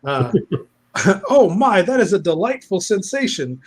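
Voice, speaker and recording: A man's voice: fairly high pitch, expressive, measured pace, a little mellow. Man putting on a lewd demon in a woman's body. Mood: brash. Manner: brash, lewd and exclaiming. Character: crude demon possessing a young woman's body.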